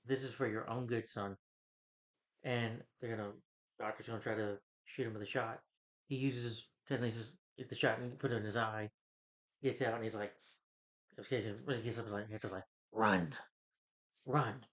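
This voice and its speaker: A man's voice: lowish voice, fairly even intonation, a little fast. A man casually retelling a film's plot as a reviewer, rambling, with frequent restarts. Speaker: film reviewer. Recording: dull lo-fi recording.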